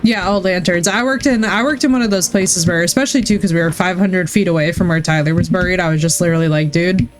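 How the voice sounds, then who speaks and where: A woman's voice: fairly low pitch, steady tone, fast, few pauses, soft background music. A woman streamer chatting casually while she plays, rambling through stories and swearing freely. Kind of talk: casual chat while gaming.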